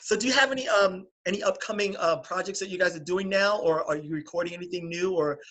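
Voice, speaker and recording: A man's voice: high-pitched, fast, sharp tone. A man hosting a casual podcast interview, gushing and laughing often. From California. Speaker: podcast host.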